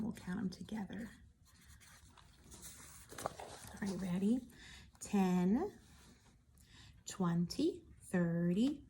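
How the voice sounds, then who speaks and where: A woman teacher walking young children through a worksheet step by step, gentle, patient and encouraging. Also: medium pitch, a little hiss or hum.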